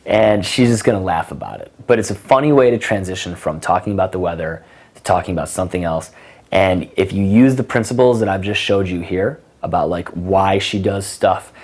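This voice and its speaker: Offering dating advice in a loose, casual way, this young coach has a somewhat low, slightly mellow voice. His monologue is full of fillers and restarts, and he performs example lines, playing both sides of the conversation.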